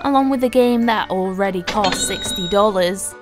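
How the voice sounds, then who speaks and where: A high-pitched woman delivering a ranting game review. She is sarcastic and exasperated, and swears freely, with faint music playing behind her. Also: level tone, normal speed, hardly any pauses.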